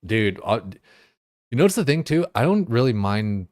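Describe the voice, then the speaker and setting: A man's voice: mid-range voice, sing-song, moderate pace, darkish tone, no echo, clean studio sound. A young man streaming, chatting casually in a rambling, profane way, full of fillers. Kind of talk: casual chat.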